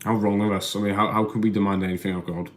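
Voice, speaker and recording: A man talks into his phone on a casual live stream at home. His voice sits a bit low. He rambles, stumbles and repeats words as he answers his chat. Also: level tone, rapid-fire. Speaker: livestream host reading chat.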